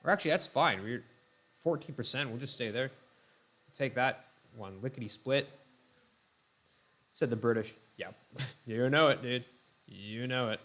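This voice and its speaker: Young male gaming host, easygoing chatty commentary over gameplay, mid-pitched voice. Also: moderate pace. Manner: chatty, laid-back, addresses viewers as ladies and gentlemen. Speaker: let's play host.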